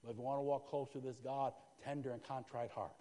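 A male pastor preaching a sermon with fervor, dropping to a hush and then rising to shouts, and calling out "Amen?" to his congregation. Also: mid-range voice, level tone, quick pace, long reverb tail. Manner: fervent, swinging from hushed to shouting. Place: church sanctuary.

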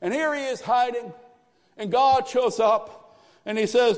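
High-voiced preaching man in echoing church. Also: unhurried. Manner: animated preaching, swinging from loud exclamations to hushed asides. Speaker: pastor. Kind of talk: sermon. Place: church sanctuary. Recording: live church sanctuary with long reverb.

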